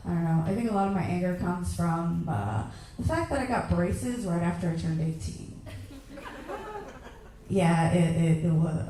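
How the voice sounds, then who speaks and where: A young woman performing a stand-up comedy set on a club stage, ranting in lively bursts and shouting her acted-out asides. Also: fairly low pitch, recorded from a distance. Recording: echoey club room heard from afar.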